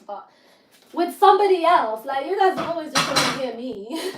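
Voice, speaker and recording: Woman vlogger, higher voice, rambling casual chat, laughs a lot; echoey kitchen with audible noise behind. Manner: rambling, chatty, laughs often, talks to herself while doing chores. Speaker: vlogger hosting a live stream. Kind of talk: casual live-stream chat. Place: home kitchen. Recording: echoey room with background noise.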